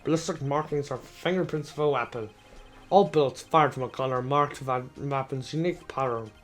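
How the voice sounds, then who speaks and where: A man voicing a confident young male defense attorney who argues steadily and methodically, his voice a little hoarse. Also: medium pitch, brisk, soft background music, lightly acted.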